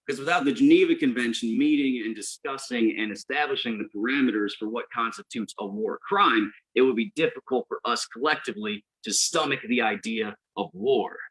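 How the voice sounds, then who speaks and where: Man, stand-up comedian, bright voice, deadpan storytelling, sudden high outbursts, live venue. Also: brisk, hardly any pauses, poor audio.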